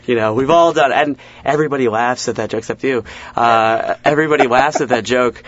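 A young man at a middling pitch, trading jokes in a relaxed interview and breaking into little acted-out voices mid-story. He's self-deprecating and quick, tumbling from one bit to the next. The recording sounds a bit dull and lo-fi. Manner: quick joke-telling with acted-out asides and self-deprecating laughs. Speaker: comedian guest. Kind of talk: casual interview chat, telling stand-up bits.

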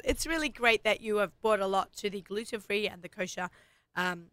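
A middle-aged woman with an Australian accent hosting a radio talk show, chatty and quick to laugh. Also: a little high, fairly even intonation, pushed and bright, no room sound. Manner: chatty, laughs often, does little voices when quoting. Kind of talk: casual chat.

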